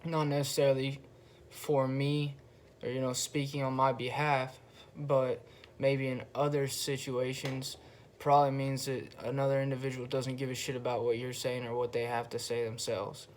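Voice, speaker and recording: A young man talks on his own in a laid-back, unhurried way, his voice staying flat and even with little rise or fall. A faint bed of room noise sits under him as he pauses and swears his way through a casual monologue. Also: medium pitch. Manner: slow, flat, relaxed delivery with pauses and frequent swearing. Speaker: podcast host.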